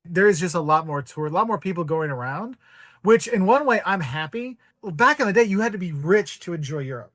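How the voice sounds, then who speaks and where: A man, a podcast guest, telling casual travel anecdotes in an animated way, acting out the voices of the people in them and using "like" a lot. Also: high voice, fairly quick. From United States. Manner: animated, acts out quoted voices, heavy use of "like".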